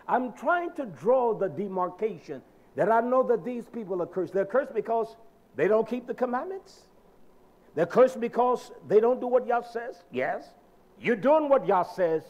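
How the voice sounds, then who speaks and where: A man preaching a sermon, emphatic and addressing his listeners directly, swinging between soft and loud delivery. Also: sits high.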